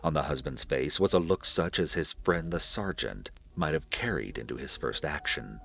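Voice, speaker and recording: A man narrating a classic horror story in a deliberate, measured reading. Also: extremely low pitch, lively intonation, vocal fry, fairly bright tone. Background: faint music.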